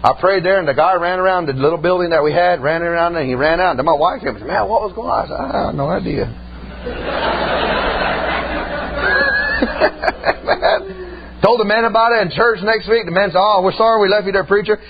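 A man's voice: high voice, sing-song, normal speed, long pauses, muffled recording, a little hiss or hum. A male pastor preaching a storytelling sermon in a church, folksy and punctuating with amen. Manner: folksy, exclaims amen often, laughs at own stories.

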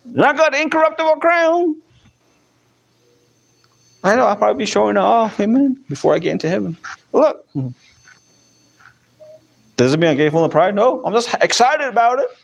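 Male preacher, very high voice, animated sermon delivery with frequent amens. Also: moderate pace, gravelly, long pauses, lo-fi sound.

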